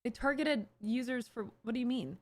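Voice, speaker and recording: A woman with a high, bright-pitched voice reacting live on stream. She rants sarcastically, piling up fillers and restarts as she riffs on what she's watching. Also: normal speed. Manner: sarcastic, ranting, full of fillers. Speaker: streamer host.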